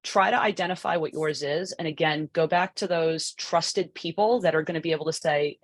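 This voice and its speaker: Low-voiced chatty woman coach presenting. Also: moderate pace, hardly any pauses, no echo. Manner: chatty, many asides and rhetorical "right?". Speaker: lacrosse goalie coach presenting. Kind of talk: conversational presentation.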